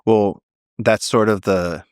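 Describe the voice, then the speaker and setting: A man with a low voice talks as a podcast guest. He tells stories in an animated, tumbling way, circling back and restarting his phrases. The sound is dry and close, as if from a studio mic. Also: slow pace, clean tone, no echo. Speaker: guest, naturalist. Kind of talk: casual storytelling conversation.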